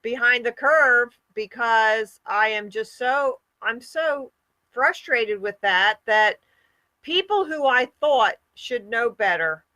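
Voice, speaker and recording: Slow, earnest woman hosting a call. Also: fairly high pitch, animated, bright, forceful tone, no echo. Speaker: host of an online hangout. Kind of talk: casual group chat. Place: online video call.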